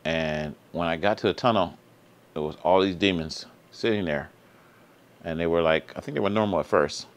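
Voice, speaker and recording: A man with a deep, low voice talks straight to his viewers, telling a personal story in loose, slangy everyday speech. He is earnest and repeats himself for emphasis, and his voice jumps up high when he gets excited. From Sacramento area. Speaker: vlog host.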